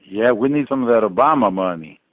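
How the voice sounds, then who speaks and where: A man talking casually on a radio show, reasoning out loud and asking incredulous questions. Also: mid-range voice, lively intonation, a little fast. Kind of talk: radio talk, casual banter. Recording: tinny phone-like radio audio.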